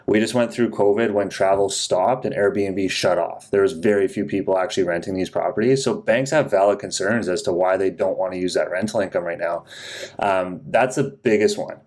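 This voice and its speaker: A man with a low voice explains mortgage lending on a casual podcast. His delivery is measured and matter-of-fact, steady rather than showy. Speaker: podcast co-host, mortgage broker.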